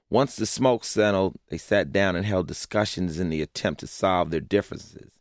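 A man's voice: low-pitched, no room sound, clean studio sound. A man narrating a personal essay in a blunt, profane way, often asking rhetorical questions. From Los Angeles, USA.

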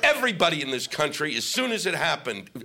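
A man doing a stand-up comedy set on stage, ranting and swearing with shouted bursts. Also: on the high side, very animated, fast talker, gravelly. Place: comedy stage before a live audience. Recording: live stage mic with noisy audience.

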